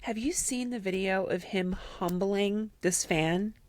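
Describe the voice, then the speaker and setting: A woman's voice: mid-range voice, a little slow, no echo. A woman in her twenties co-hosting a podcast, chatting casually and acting out quotes as she tells a story. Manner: animated storyteller who acts out quotes. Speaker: podcast co-host. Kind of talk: casual chat.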